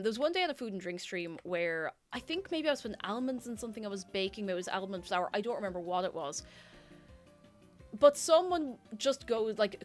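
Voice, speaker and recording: A woman livestreamer rambles through casual chat with her viewers. She giggles often and pokes fun at herself. Faint music plays in the background. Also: medium pitch. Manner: rambling, giggly and self-mocking.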